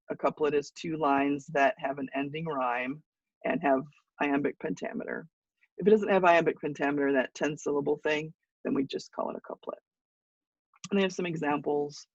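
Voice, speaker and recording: A woman teaching a college English class, explaining patiently with pauses and now and then clearing her throat. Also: deep voice, no room sound, dull audio. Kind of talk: class lecture.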